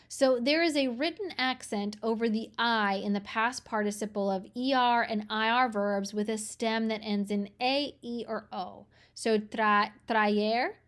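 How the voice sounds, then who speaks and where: A woman teaching a grammar lesson, slowing down to read each example sentence clearly. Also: medium pitch, a bit bright. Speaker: language teacher.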